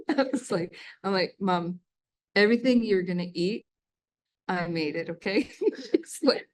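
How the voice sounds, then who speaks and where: A woman in her sixties giving a casual storytelling lecture at a museum, chatty and quick to laugh. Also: mid-range voice. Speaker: guest lecturer, former ship's cook. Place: lecture hall.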